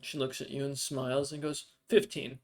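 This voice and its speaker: A man's voice: mid-range voice, completely flat delivery, brisk. A man running a tabletop game as game master, narrating loosely with many fillers and restarts.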